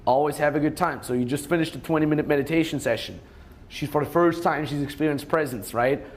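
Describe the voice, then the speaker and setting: A man's voice: a little high, quick pace. A young man giving crude dating advice in a rambling way, swearing a lot and acting out quoted lines. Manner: acts out quoted lines in a raised voice. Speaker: dating coach. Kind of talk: casual advice talk.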